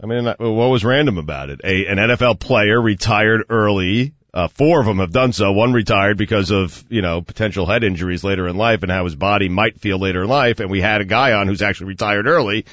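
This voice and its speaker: A man's voice: on the low side, a little fast, few pauses, a bit bright, no echo, dull audio. A man co-hosting a sports radio show, talking in a laid-back, matter-of-fact and defensive way. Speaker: radio co-host. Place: radio studio.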